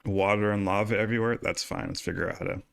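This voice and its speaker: A man's voice: fairly low pitch, fairly even intonation, fast, creaky, fairly bright tone, clean tone. A man co-hosting a podcast, talking in a fired-up, exhorting way and swearing freely. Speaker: podcast co-host. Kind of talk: casual podcast discussion.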